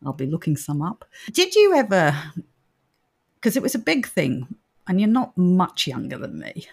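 Host: middle-aged woman, husky, lowish voice, teasing and chatty. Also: huge pitch swings, moderate pace. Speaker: podcast host, ghost tour operator. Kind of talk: casual podcast interview.

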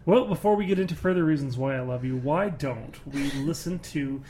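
A man's voice: on the high side, fairly quick, dark tone, a little hiss or hum. A man co-hosting a casual podcast, teasing his co-host and retelling a film's plot in a rambling, joking way. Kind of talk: casual chat.

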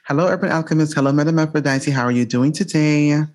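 A man's voice: fairly high pitch, quick pace, a little mellow. A man hosting a podcast, chatty and emphatic, mixing French greetings into his English. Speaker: podcast host. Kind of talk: casual podcast chat.

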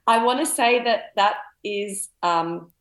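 A woman's voice: mid-range voice, slow pace, fairly bright tone, echoey room, slight background noise. A woman chatting casually as a podcast guest, a rambling, talkative storyteller. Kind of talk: casual chat.

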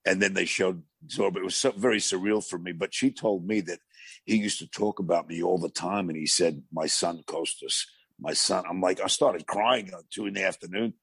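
A man with a gravelly voice, a talk show guest telling rambling anecdotes with many restarts. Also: deep voice, steady tone, fairly quick, no echo. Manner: rambling storyteller with frequent restarts.

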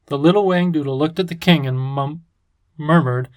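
A man narrating a children's storybook in a calm, even manner. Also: on the high side, fairly quick. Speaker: audiobook narrator. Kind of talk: scripted narration.

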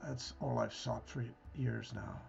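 A man voicing a haunted male warrior, talking in an earnest, halting way. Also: mid-range voice, gravelly, darkish tone, highs cut off, soft background music. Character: Ruthos, a haunted male warrior hunting his brother.

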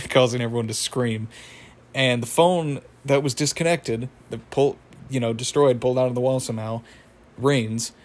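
A young man casually recapping a cartoon episode, rambling with fillers and laughs. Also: medium pitch.

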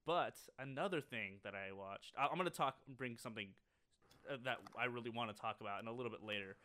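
A man's voice: medium pitch, bright, forceful tone. Young guy cohosting a chill podcast, rambles a lot, tons of likes and ums, medium voice. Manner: rambling, filler-heavy, quick bursts of laughter. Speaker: podcast co-host. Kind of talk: casual chat.

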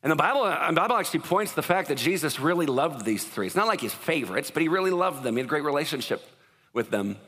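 Bright-voiced preacher in a reverberant hall. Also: male voice, fairly high pitch, expressive, fast talker, husky. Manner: conversational, joking, asks the crowd questions. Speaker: pastor. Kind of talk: sermon. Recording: long reverb of a large hall.

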